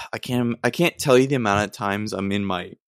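A man's voice: fairly low pitch, normal speed, fairly bright tone, clean tone, no room sound, studio quality. An American man hosting a solo podcast, rambling and ranting in a mock-exasperated way with lots of digressions. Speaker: podcast host. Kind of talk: casual solo podcast rant.

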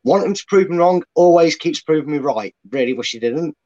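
A man's voice: on the high side, lively intonation, fairly quick, a little mellow, muffled recording. A man giving strong opinions as a guest fan pundit, speaking from his bedroom. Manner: opinionated, dry. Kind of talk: casual chat.

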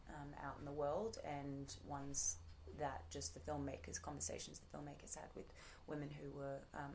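With a deep, creaky voice and a little hiss or hum in the audio, an Australian actress in her thirties talks casually as an interview guest. Her speech is full of fillers and restarted thoughts.

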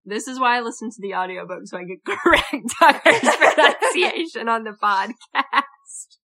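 A woman's voice: fairly high pitch, animated, moderate pace, sharp tone. A young woman co-hosting a book podcast in casual chat, playful and chatty, laughing mid-sentence. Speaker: podcast co-host.

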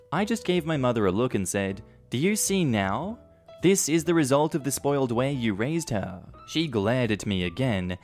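A man reading an online story aloud as its narrator, steady and matter-of-fact. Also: fairly low pitch. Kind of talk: scripted narration of online stories.

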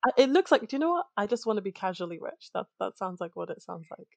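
A woman's voice: medium pitch, sing-song, quick pace, gravelly, darkish tone, no echo. Wry woman, dry close sound. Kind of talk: casual chat.

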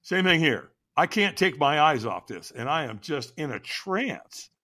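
Middle-aged man, lively dramatic storyteller, high bright voice. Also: a little slow. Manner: dramatic, acts out quotes with big pitch jumps. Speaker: podcast guest, firewalk instructor. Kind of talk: animated storytelling.

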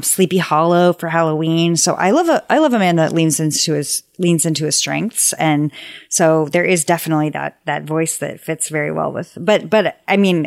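A woman's voice: low voice, vocal fry, no echo, clean studio sound. A woman talking as a guest on a podcast in an eager, casual way, full of fillers. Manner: enthusiastic, quick, full of fillers. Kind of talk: casual conversational chat.

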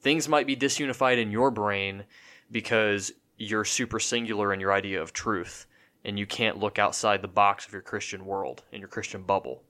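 A man with a fairly low voice co-hosts a casual podcast. He rambles through his points, restarting sentences and leaning on fillers as he goes. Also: steady tone, moderate pace, sharp tone. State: has the hiccups. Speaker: podcast co-host.

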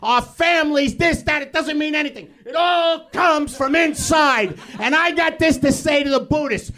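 A male comedian on a live stage, shouting an exasperated, profane rant. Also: extremely high pitch, normal speed. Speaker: comedian guest.

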